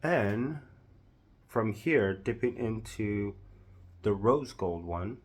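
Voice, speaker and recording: A man with a Southern US accent narrating a makeup tutorial, gushing with drawn-out exclamations. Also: on the low side, expressive. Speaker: makeup vlogger.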